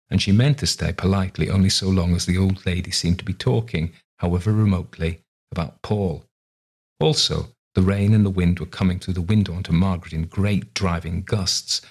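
A man reads a short story aloud in a measured, even storytelling voice. His voice sits very low and has a husky, breathy edge. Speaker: narrator. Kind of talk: scripted narration of a short story.

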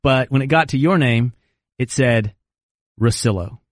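A man's voice: medium pitch, normal speed, no echo, clean studio sound. A man co-hosting a radio show, heartfelt and jokey, and he laughs often. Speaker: radio co-host. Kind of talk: casual radio talk. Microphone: studio microphone.

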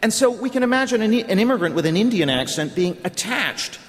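A middle-aged man delivers a prepared speech at a conference, arguing point by point and posing rhetorical questions. His voice sits a little high for a man. The sound carries a long reverb from the hall around him. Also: sing-song, fairly quick. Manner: argumentative, lecturing with rhetorical questions. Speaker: conference speaker.

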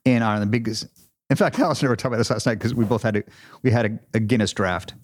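A podcast co-host with a lowish, steady male voice talks rapid-fire in a casual chat, laughing as he tells stories and making fun of himself.

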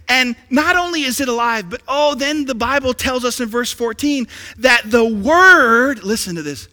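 Animated high-voiced man preaching in a hall. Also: normal speed. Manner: animated, swings from soft hushed lines to loud excited peaks. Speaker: pastor. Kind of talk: sermon. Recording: echoey hall.

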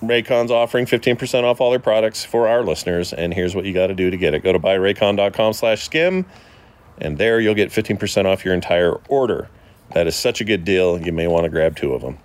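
Male podcast co-host, lowish voice, loose and jokey, reads mail aloud. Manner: joking, rambling, reads listener emails aloud. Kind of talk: casual chat.

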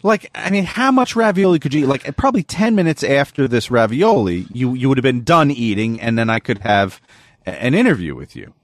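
A man's voice: medium pitch, lively intonation, fairly quick, dry recording. A man co-hosting a podcast, chatting casually, teasing his co-host and reading out listener questions. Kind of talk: casual chat.

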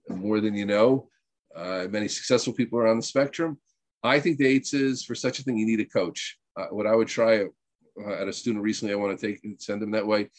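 A man's voice: on the low side, no room sound. A man teaching a weekly group session in an earnest, emphatic way, rambling with restarts and using Hebrew terms. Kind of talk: informal spiritual talk.

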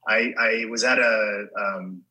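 A man's voice: on the low side, fairly even intonation, takes it slowly, bright, forceful tone, low-quality recording. A middle-aged man, a guest actor in casual chat, telling profane stories and acting out the people he quotes. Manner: swearing storyteller who acts out quoted people.

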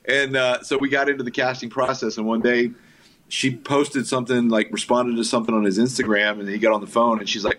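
A man's voice: mid-range voice, level tone, fairly quick, fairly bright tone, a little hiss or hum. A man being interviewed as a filmmaker guest, telling anecdotes in an enthusiastic, casual storytelling way.

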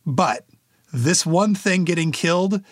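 Casting: male podcast co-host, a bit high, wry and deliberate, dead-dry studio sound. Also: animated, no room sound. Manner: wry, sighing, stresses points slowly. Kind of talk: casual tech news chat.

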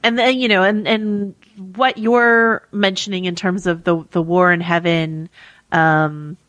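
A woman's voice: on the low side, fairly even intonation, a little slow, a bit bright, no echo. A woman co-hosting a podcast, talking casually with lots of fillers and restarts. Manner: chatty, many fillers and restarts. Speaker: podcast co-host.

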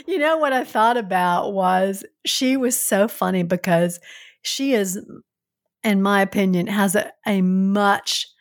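A woman's voice: medium pitch, a little slow. A woman with a Southern accent co-hosting a casual podcast with her son, talking in an earnest, reflective way. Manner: earnest, reflective, laughs easily. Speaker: co-host, mother.

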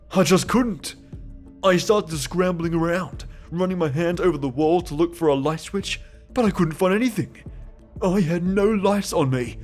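A man narrating a first-person horror story in a tense, frightened way, with sudden shouted cries. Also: on the high side.

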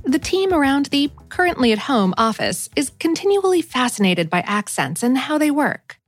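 A woman's voice: sits high, big pitch swings, normal speed, no echo, soft background music. A woman hosting a podcast, introducing an episode in an upbeat, conversational way. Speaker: podcast host.

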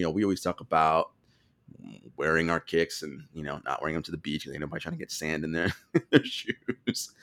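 A man co-hosting a casual sports podcast, telling stories animatedly and laughing often. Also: low-pitched. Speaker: podcast co-host.

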